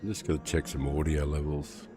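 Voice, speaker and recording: A man's voice: extremely low pitch, normal speed, music in the background. An older man with an Australian accent, chatting casually in an easygoing way while livestreaming a racing game. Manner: relaxed, easygoing. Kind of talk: casual chat.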